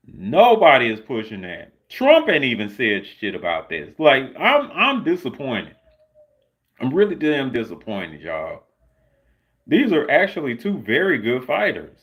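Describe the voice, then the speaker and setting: A man's voice: mid-range voice, wildly swooping pitch, a little slow, a bit bright. A man hosting his own livestream, talking casually and sarcastically with many filler words. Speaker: livestream host. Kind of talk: casual solo livestream commentary.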